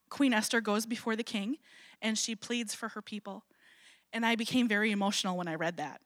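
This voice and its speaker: At a church gathering, a middle-aged guest speaker from Wisconsin, USA, who founded a ministry, recounts her personal testimony, chatting away, poking fun at herself and laughing little laughs. The clean, echo-free studio sound captures a medium-pitched, slightly bright voice.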